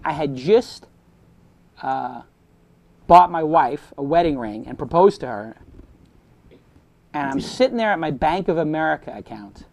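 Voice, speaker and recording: A man, speaking to students as the host. He tells motivational stories with punchy sound effects and lively, animated delivery. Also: a little high, unhurried, creaky, pauses often. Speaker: host giving a talk to students. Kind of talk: motivational storytelling.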